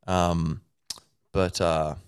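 A man's voice: low voice, flat delivery, extremely slow, smooth, no echo, clean studio sound. A man hosting a podcast, thinking aloud in a rambling, playful way with many fillers. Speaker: podcast host. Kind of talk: casual solo talk.

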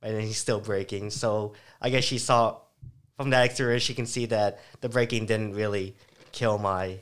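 A man's voice: lowish voice, steady tone, moderate pace, clean tone. A young man in his twenties, chatting casually and laughing often, in a laid-back slangy way. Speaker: guest, breakdancer. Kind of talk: casual chat.

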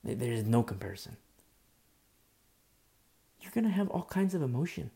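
A man preaching a sermon with a mellow, warm tone. He talks with passion and repeats lines for emphasis. He restarts phrases and drops in asides as he goes. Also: mid-range voice, big pitch swings, normal speed, gravelly. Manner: impassioned, repetitive, with many restarts and asides.

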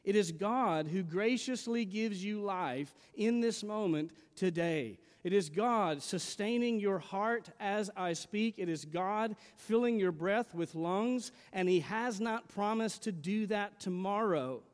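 A male pastor with a high voice delivers an earnest, emphatic sermon, driving home key phrases by repeating them. His voice rings with the long reverb of a church hall. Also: slow pace, few pauses.

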